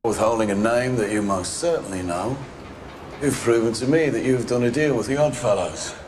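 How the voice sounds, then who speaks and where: An actor playing a controlled, menacing gang boss who speaks in measured, clipped lines. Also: male voice, mid-range voice, lightly acted. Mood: cold. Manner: measured and clipped, then explosive shouting. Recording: film scene with ambient background noise.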